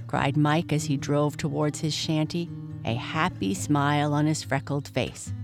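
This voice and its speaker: Woman reading a children's story, deep voice, soft guitar behind. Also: little pitch movement, normal speed. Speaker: narrator. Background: faint guitar music.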